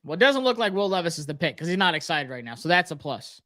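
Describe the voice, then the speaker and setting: A man's voice: a little high, fast talker. Anxious young man reacting live. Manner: anxious, excited, talks to himself. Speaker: sports livestream host. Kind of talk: live draft reaction stream.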